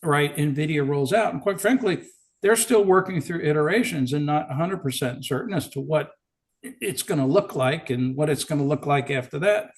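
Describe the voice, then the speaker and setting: A man's voice: on the high side, normal speed. Man telling a business story as a guest. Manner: storytelling, relaxed, with restarts. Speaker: podcast guest, company executive. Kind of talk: casual business interview chat.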